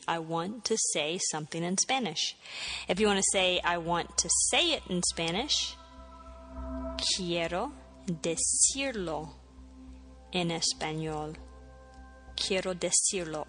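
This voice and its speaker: A woman's voice: lowish voice, a bit bright. A woman teaching a Spanish lesson, patiently repeating phrases and spelling words out letter by letter. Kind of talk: language lesson.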